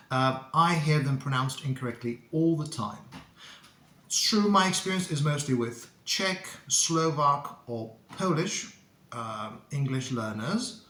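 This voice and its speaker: Slow, careful male English teacher. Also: fairly high pitch, a bit bright. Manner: slow, deliberate, repeats words for learners to copy. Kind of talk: pronunciation lesson to camera. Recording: echoey room.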